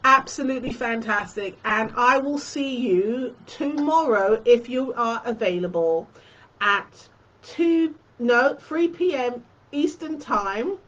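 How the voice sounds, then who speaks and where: Chatty woman, slightly high voice. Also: expressive, slow, a bit bright, muffled recording. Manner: chatty, addresses viewers fondly. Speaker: quilting tutorial host. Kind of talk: casual live-stream chat.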